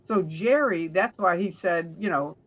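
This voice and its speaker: A woman guest telling stories in an interview, chatty and warm, often restarting her sentences. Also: fairly low pitch, a little slow, dull audio.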